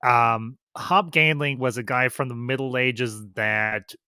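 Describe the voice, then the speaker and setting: Bright, dry-sounding male review host. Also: mid-range voice, steady tone, slow, smooth, no echo. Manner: rambling, restarts and trails off while recalling details. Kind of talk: casual review chat.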